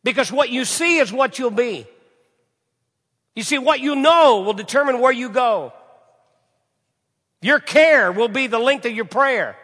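A man's voice: very high voice, animated, a little slow, pauses often, a bit bright. A man preaching a sermon to a congregation, asking rhetorical questions and repeating phrases for emphasis. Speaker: pastor. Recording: reverberant hall.

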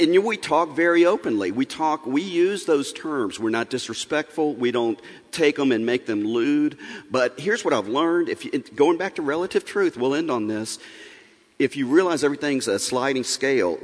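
A middle-aged man speaks at a church seminar on parenting. He is frank and earnest, and talks plainly to the audience. His voice carries a long reverb off a large hall. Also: mid-range voice.

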